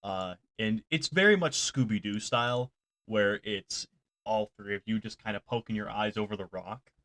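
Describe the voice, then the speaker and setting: A man's voice: on the low side, normal speed, a bit bright. Laid-back male game master narrating. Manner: laughing often, loose and hesitant with fillers. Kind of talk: narrating a tabletop game, casual.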